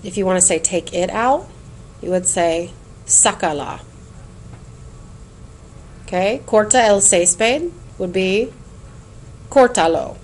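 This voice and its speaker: A woman with a medium-pitched voice leads a recorded Spanish lesson. Her explanations are clear and patient, and she chants word lists with a sing-song rhythm.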